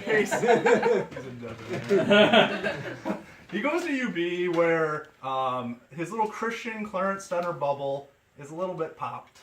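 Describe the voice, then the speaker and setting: A man telling a funny story to a group of friends, animated and laughing often as he acts out the people in it. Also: high voice, a little slow. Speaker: friend giving a toast. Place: indoor room with a gathering of friends. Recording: echoey room, voice from far off, chatter behind.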